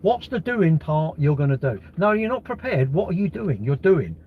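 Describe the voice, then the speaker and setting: A middle-aged man rants to his livestream viewers, blunt and sweary, firing question after question. His voice sits high and leaps around a lot. The stream audio is dull and lo-fi, with a faint hiss behind him. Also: sing-song, normal speed. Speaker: livestream host. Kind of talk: casual livestream rant.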